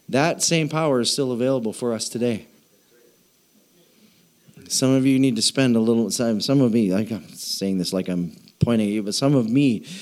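A man's voice: medium pitch, a little mellow. A man preaching a sermon as pastor, playful, repeating phrases to draw responses from the congregation.

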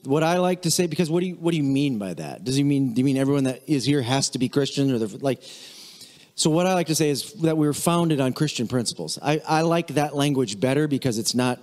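A man preaching a casual, chatty sermon as pastor, animated and mimicking voices now and then. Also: medium pitch, quick pace, in a large hall. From United States.

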